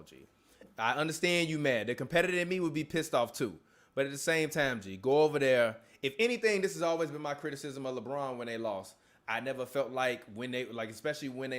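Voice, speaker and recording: A man's voice: fairly high pitch, a bit bright. A man hosting a casual sports podcast, giving loose, slangy and opinionated takes. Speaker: podcast host.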